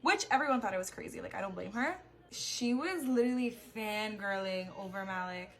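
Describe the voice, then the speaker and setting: A woman's voice: mid-range voice, expressive, brisk, a bit bright. A young adult woman telling a story in a chatty, casual way, with plenty of "like" fillers. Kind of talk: casual storytime while getting ready.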